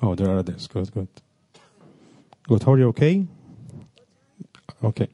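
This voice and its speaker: A man who is a priest with a non-native English accent. He reads a gospel passage, then gently questions children, ending his sentences with tag words. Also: lowish voice, animated, normal speed, breathy edge. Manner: gentle, coaxing, repeats questions, ends with "no?" and "okay?".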